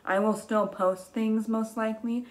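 With a fairly high voice, a young woman teacher shares a picture book with young children, reading slowly and gently and gasping in exaggerated excitement.

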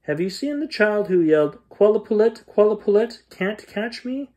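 Brief: man doing storybook ice monsters, slow and menacing. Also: a little high, darkish tone, natural voice. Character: sinister sea-ice creatures that snatch children.

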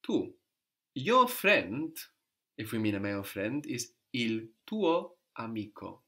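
A man's voice: mid-range voice, big pitch swings, slow pace, a bit bright. A man teaching a language lesson, patiently prompting a student and repeating her answers.

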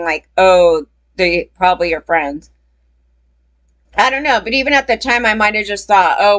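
A woman's voice: mid-range voice, fairly bright tone. A woman giving casual commentary on a story, rambling and breaking into heated quotes.

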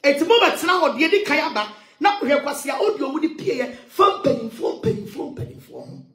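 A woman ranting loudly in a heated monologue, switching between English and Twi, with shouting and sing-song outbursts. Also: high-pitched, big pitch swings, normal speed, echoey room, soft background music. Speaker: social media commentator.

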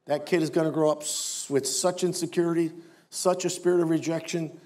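Older pastor guy, kinda high voice, preaching hard with little jokes. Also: fairly even intonation, a little fast, a little mellow. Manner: emphatic preaching with wry asides. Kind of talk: sermon.

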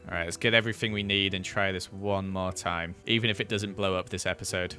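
A young man hosting a gaming video, chatting casually through his play and quick to exclaim when things go wrong. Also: medium pitch, bright, forceful tone. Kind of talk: casual gameplay commentary.

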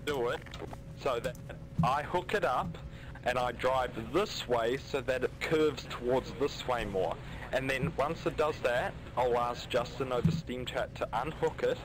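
A man's voice: mid-range voice, measured pace, noisy background. A man on game voice chat, laying out a plan step by step. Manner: explains plans step by step. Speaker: player. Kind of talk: voice chat during game role-play.

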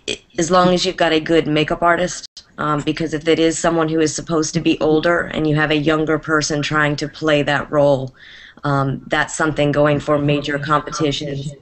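A woman's voice: sits low, fairly bright tone. A woman from New England, a drama teacher, giving thoughtful feedback on a video call with frequent ums. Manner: thoughtful, hesitant with many ums. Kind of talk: casual video call discussion.

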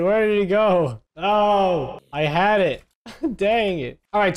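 A young man giving excitable commentary while playing a video game, taunting enemies and yelling in panic. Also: fairly high pitch. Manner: excitable, yells and taunts mobs. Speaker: gaming YouTuber. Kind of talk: gaming commentary.

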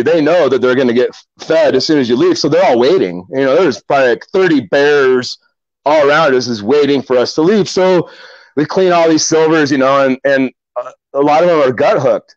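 A man's voice: mid-range voice, moderate pace, no room sound, muffled recording. Rambling middle-aged man telling fishing stories. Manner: rambling, animated storyteller with many fillers and restarts. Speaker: kayak angler guest. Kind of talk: casual storytelling interview.

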